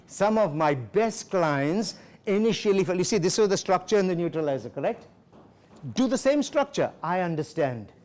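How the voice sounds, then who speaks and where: A man's voice: a little high, a little mellow. A man leading a sales workshop as trainer, giving firm instructions, repeating key phrases and acting out sample dialogue with a client. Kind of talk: workshop lecture.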